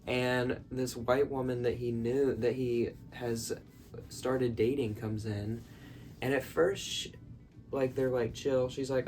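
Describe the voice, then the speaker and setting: A man of average pitch rambles through a movie recap, stringing thoughts together with constant "like" and "um". He is in his bedroom late at night. Faint music plays behind him. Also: flat delivery, unhurried, darkish tone. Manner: rambling, filler-heavy, lots of "like". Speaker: vlogger. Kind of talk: casual film recap.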